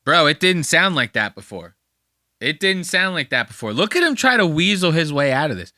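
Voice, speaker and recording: A man's voice: a little high, big pitch swings, moderate pace, pushed and bright, dry recording, clean studio sound. A man hosting a podcast, giving profane, mocking commentary on a clip in a casual way. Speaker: podcast host.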